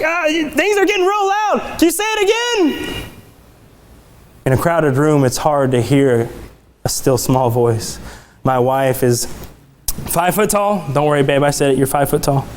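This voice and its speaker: A young man preaching in a church with a high, bright-sitting voice that climbs even higher when he gets fired up. He talks in a conversational way and keeps restarting his sentences. A faint room ambience hums behind him. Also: a little hiss or hum. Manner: excitable, climbs high in pitch when worked up. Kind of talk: sermon. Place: church sanctuary.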